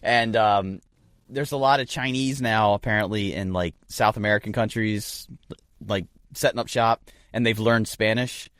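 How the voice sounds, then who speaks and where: A man with a fairly low, slightly bright voice talks at a moderate pace with fairly even intonation, recorded in studio quality with no echo. Co-hosting a casual podcast, he rambles through jokes, riffs, and bits of mock voices, calling his partner "man" and "dude."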